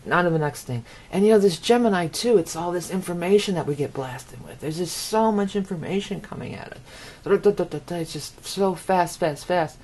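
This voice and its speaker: A woman's voice: lowish voice, brisk, few pauses, darkish tone, breathy edge. A woman from the United States giving a rambling astrology forecast, often repeating words for emphasis. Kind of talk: casual monologue forecast.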